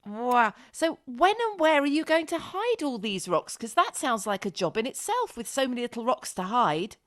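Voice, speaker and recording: Lively woman radio presenter. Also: high-pitched, normal speed. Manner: warm, animated and encouraging with a child guest. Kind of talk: live radio interview.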